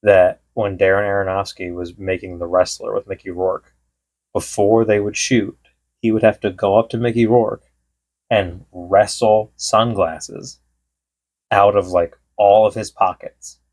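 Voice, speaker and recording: A man's voice: fairly low pitch, level tone, a little slow, a little mellow. A man co-hosting a podcast, telling stories in casual chat and quoting people as he goes. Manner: rambling storyteller, quotes people in bits. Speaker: podcast co-host.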